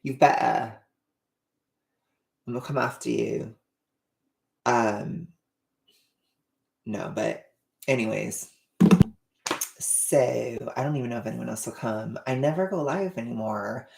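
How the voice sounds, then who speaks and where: Rambly woman cooking on a livestream, gravelly voice, kitchen echo everywhere. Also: a bass voice, measured pace, pauses often, noisy background. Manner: chatty, self-deprecating, rambling. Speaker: livestreaming vlogger. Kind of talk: casual livestream chat while cooking. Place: home kitchen.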